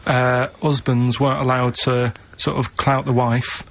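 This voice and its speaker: A man with a Manchester accent, a radio show regular, telling rambling anecdotes in a deadpan way. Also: medium pitch, a little slow. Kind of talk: casual radio banter. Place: radio studio. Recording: dull radio sound with faint hiss.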